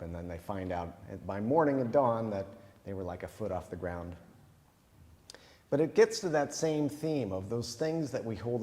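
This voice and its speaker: A male pastor giving a relaxed, conversational sermon, thinking aloud with fillers. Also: lowish voice, big-room sound. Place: chapel.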